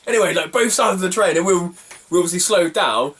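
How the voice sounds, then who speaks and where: A man's voice: sits high, fairly quick, a bit bright, husky, far from the mic. Rambling man. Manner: rambling, self-mocking, laughs at his own stories. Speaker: retro game collector vlogger. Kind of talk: casual storytelling.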